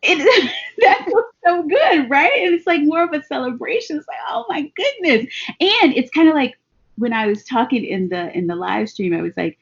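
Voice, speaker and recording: A woman's voice: high-pitched, sing-song, normal speed, highs cut off. A woman talking as a podcast guest in a casual, bubbly way, laughing often and acting out little exclaimed quotes.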